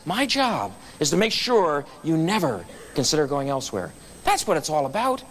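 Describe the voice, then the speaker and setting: A man with a fairly high voice tells stories at a club meeting in a meeting room, speaking at normal speed. Animated throughout, he performs the quotes of the people in his anecdotes in their voices.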